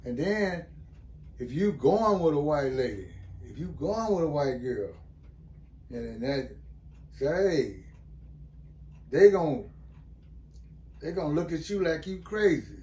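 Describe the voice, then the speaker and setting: An older man, a former prisoner being interviewed, rambles loosely about his prison days and keeps asking "you know what I mean" in this casual storytelling chat. His voice is fairly high-pitched and darkish in tone, very animated yet slow, with long pauses.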